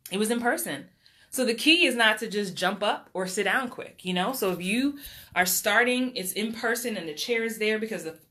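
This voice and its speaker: A middle-aged acting coach talks casually and warmly on a livestream, reading out viewer comments and laughing often. Her voice is bright and forceful, set at an ordinary middle pitch. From New York.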